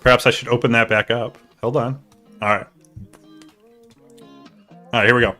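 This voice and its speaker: A man hosting a live stream, chatting casually and excitably with his viewers, joking and swearing as he goes. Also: mid-range voice, moderate pace, soft background music. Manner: excitable, jokey, talks to chat, swears. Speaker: streamer hosting a hockey league draft.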